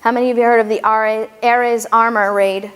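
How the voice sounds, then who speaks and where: A woman with a high, bright-pitched voice delivers an emphatic history lecture and tells it like a story. Her words carry long reverb from the hall, and her delivery stays animated and insistent throughout. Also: moderate pace, clean tone. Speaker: speaker and educator. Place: lecture venue.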